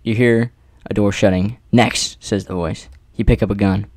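A man narrating an adventure story in the second person, with theatrical pauses and rhetorical questions. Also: fairly low pitch, steady tone, a little mellow, no room sound. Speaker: narrator reading an AI-written adventure.

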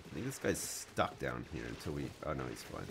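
A man's voice: extremely low pitch, sing-song, a little fast, gravelly, background noise. A man casually commenting while he plays a game on a live stream, joking and chatting with his viewers. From Canada.

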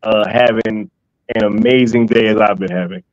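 A man's voice: on the low side, fairly even intonation, normal speed, dry recording. A man joining a live stream as a guest, talking in a hyped, slangy way with a few stammers. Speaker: guest from another channel. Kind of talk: casual live-stream chat. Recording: dull dry remote mic.

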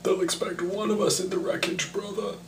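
A grim masked male movie villain with a muffled, strained voice, put on by a tipsy man. It comes out pitched oddly high and sounds distant over a faint hum. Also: steady tone, brisk, close to an everyday voice.

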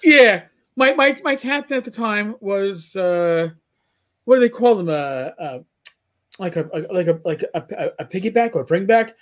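A man's voice: high voice, expressive, moderate pace, fairly bright tone. A man from New York City in casual podcast chat, often stammering and repeating words as he starts sentences. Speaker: podcast panelist.

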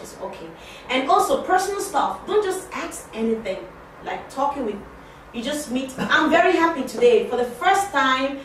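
A woman gives a training lesson to a class, speaking in a higher register, repeating her points for emphasis and quizzing her listeners. She sounds distant from the mic in a very echoey room, with faint noise underneath. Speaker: ESL teacher training teaching assistants. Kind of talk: interactive classroom talk.

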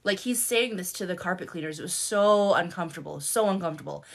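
A woman's voice: lowish voice, fast, vocal fry. A middle-aged woman telling her own story on a live stream, candid, swearing freely and repeating words for emphasis. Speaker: life coach and content creator on a live stream.

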